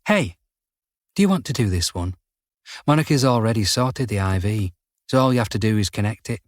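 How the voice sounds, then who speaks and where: A man voicing a calm female nurse who talks in a matter-of-fact way. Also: on the low side, fairly quick, no echo, studio quality, close to an everyday voice. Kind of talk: audiobook character voice.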